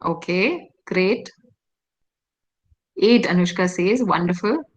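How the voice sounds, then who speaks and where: A woman's voice: lowish voice, takes it slowly, poor audio. A woman with an Indian English accent leading an interactive online workshop, often asking her listeners questions and prompting them to answer. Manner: engaging, asks the audience frequent questions. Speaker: workshop speaker. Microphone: video call.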